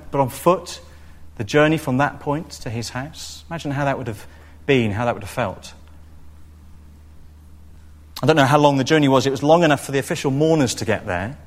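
A man preaching a sermon, expressive and storytelling, now and then acting out what people in the story say. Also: on the high side, brisk. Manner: expressive, acts out quoted voices.

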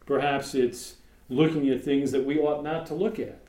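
A man's voice: mid-range voice, steady tone, moderate pace, warm tone. A man giving an informal sermon to his congregation, conversational with joking asides and many fillers. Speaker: congregation teacher. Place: meeting room with congregation. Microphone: room mic for live stream. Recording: echoey room, faint background hum.

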